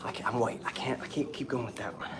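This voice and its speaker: A man's voice: medium pitch, fairly even intonation, fast, noisy background. A young man talking casually and with swearing in a vlog while doing push-ups, a bit out of breath. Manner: casual, profane, talks between push-ups. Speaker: dating coach.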